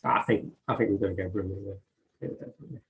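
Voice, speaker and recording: A man's voice: on the low side, very fast, creaky, poor audio. A man, a poet being interviewed who talks with many fillers and restarts and reads his own poems aloud. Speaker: poet and author. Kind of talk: conversational interview, reading poetry aloud.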